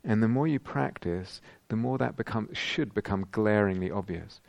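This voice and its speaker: Soft-spoken British man with gravelly lows. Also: dry recording. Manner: gentle, reflective, many pauses and restarts. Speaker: meditation teacher. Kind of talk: dharma talk. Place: retreat meditation hall.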